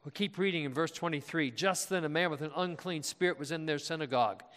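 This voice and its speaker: A man's voice: fairly high pitch, fast talker, a bit bright. A man preaching a sermon as pastor, asking his congregation questions and leaning hard on key words. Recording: long reverb of a large hall.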